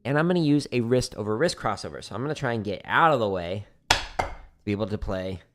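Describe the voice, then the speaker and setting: A man's voice: lowish voice, fast talker, background noise. Laid-back man teaching drums on a stream. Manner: relaxed, laughs often, hums drum patterns. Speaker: drumming teacher streaming practice. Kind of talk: casual livestream Q&A while practicing. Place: home studio with drums.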